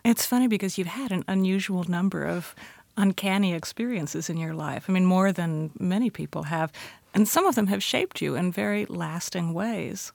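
A woman interviewer with a low, gravelly voice asks probing questions in a conversational tone. Her delivery is dry and close to the mic. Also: a little mellow, no room sound.

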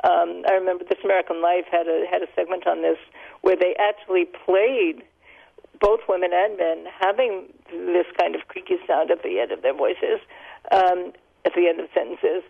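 Older woman on a phone line, gravelly voice, explains things carefully, laughs a bit. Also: lowish voice, fairly even intonation, moderate pace. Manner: thoughtful, explanatory, laughs lightly. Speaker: linguist guest. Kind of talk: radio interview answers. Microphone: telephone.

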